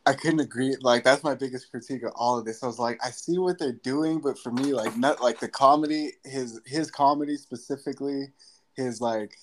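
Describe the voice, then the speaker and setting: A man's voice: medium pitch, steady tone, a little fast, rough recording. A man co-hosting a casual movie podcast, giving wry critiques with short laughs between his remarks. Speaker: podcast co-host. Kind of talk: casual movie review chat.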